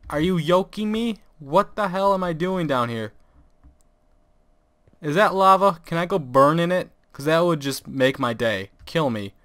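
A man's voice: fairly high pitch, fairly bright tone, clean tone, no room sound, clean studio sound. Exasperated young man swearing at a game. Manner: profane, exasperated, swearing and laughing. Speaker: gaming video host. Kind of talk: let's play commentary. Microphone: desk microphone, close.

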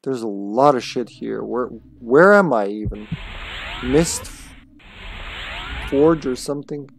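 Dude streaming a game, chatty, swears a lot, mid pitch. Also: male voice, slow pace, gravelly. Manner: chatty, swears freely, talks to chat. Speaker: livestream gamer. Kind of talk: casual live gameplay commentary.

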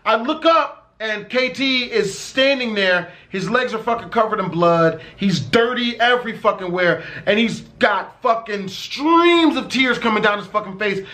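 A young man with a very high, bright voice tells a story from his own life to the camera. He swears nearly every sentence and leans hard on the key words, in a loose, casual vlog delivery. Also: expressive, unhurried, hardly any pauses. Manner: profane, emphatic, swears constantly. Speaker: vlogger telling a personal story.

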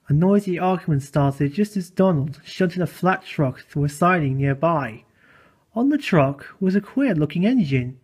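A man's voice: a little high, husky. A man narrating a children's storybook expressively. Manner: expressive, unhurried. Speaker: audiobook narrator. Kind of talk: storybook reading.

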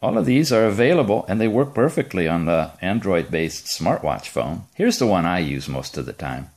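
A man's voice: deep voice, very animated, normal speed, darkish tone. A man hosting a casual, chatty gadget demo from his rural home, enthusiastic and joking. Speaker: tech reviewer host.

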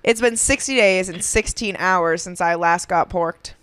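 Woman, podcast co-host, blunt, crude humor, smooth clear voice, dry close sound. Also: fairly low pitch, a little slow, a bit bright, no echo. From Boston, USA. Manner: blunt, crude, laughs often. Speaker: podcast co-host, stand-up comedian. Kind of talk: casual chat.

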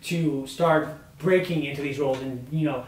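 A man's voice: on the high side, fairly even intonation, moderate pace, a little hiss or hum. A young man co-hosting a casual on-camera discussion, making earnest points and using many fillers. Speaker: discussion co-host. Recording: roomy sound from a distant mic.

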